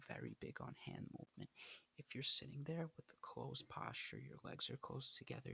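A young man hosting a casual podcast, giving blunt dating advice in an animated, coaching way. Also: medium pitch, gravelly, husky.

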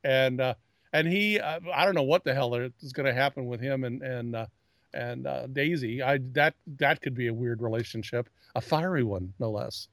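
A man's voice: mid-range voice, normal speed, a bit bright, no room sound, clean studio sound. A man co-hosting a casual pop-culture chat, rambling and often restarting his sentences as he calls himself a geek. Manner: self-described geek. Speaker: podcast co-host.

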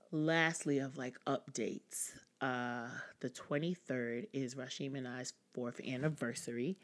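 A woman's voice: extremely low pitch, a little mellow. Candid young woman hosting a podcast. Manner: candid and conversational, with laughs and fillers. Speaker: podcast host. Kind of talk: casual personal podcast talk.

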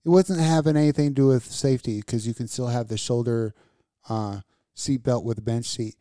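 A man's voice: medium pitch, fairly even intonation, fairly quick, dark tone, dry recording. A man co-hosting a crude, casual podcast chat, rambling and swearing from a close, dry mic. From United States. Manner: profane, rambling, joking. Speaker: podcast co-host.

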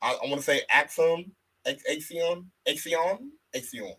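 A man's voice: a little high, unhurried, sharp tone, slightly rough, low-quality recording. A man hosting a wrestling podcast in loose casual chat, repeating phrases and laughing often. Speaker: podcast host.

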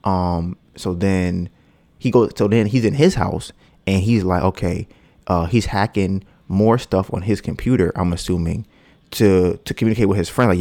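A man hosting a podcast, telling a long story in loose, slangy casual talk and acting out the lines of the people in it. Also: moderate pace. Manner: animated, acts out quoted dialogue with rising pitch; loose slangy speech with frequent fillers. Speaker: podcast host.

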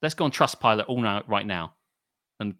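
A man's voice: lowish voice, animated, fairly quick, sharp tone, no echo, studio quality. A man co-hosting a podcast, ranting and swearing in casual chat. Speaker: podcast co-host.

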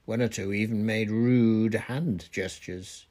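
Guy reading a fantasy book out loud, bit low, steady and deliberate. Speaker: reader. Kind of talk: audiobook narration.

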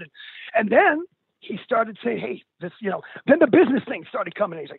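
A man's voice: high-pitched, expressive, brisk, vocal fry, breathy edge, dry recording. An older man, a musician, speaking as an interview guest in an earnest, candid way, calling the host dude and bro. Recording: tinny phone line.

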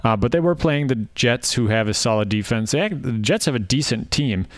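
A man's voice: mid-range voice, animated, a little fast, dry recording. A man co-hosting a casual football podcast, teasing and dryly sarcastic. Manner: dry, teasing, sarcastic jokes. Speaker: podcast co-host. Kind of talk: casual sports chat.

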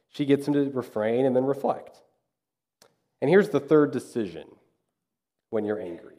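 A man delivers a sermon in a relaxed, chatty preaching style. His voice has a warm, mellow tone. He sits at an ordinary pitch for a man. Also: moderate pace, pauses often. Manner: conversational preaching with acted-out asides. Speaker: pastor.

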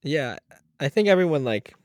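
A man co-hosting a casual podcast chat, laughing often and talking things through in a relaxed way. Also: fairly high pitch, normal speed, no echo, clean studio sound. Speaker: podcast co-host.

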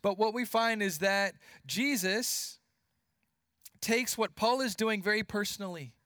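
Male preacher, high voice, earnest, repeats words, sinks low for stress; dry close sound. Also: a little slow, pushed and bright, no echo. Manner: earnest, repeats words while building points, drops voice for emphasis. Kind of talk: sermon.

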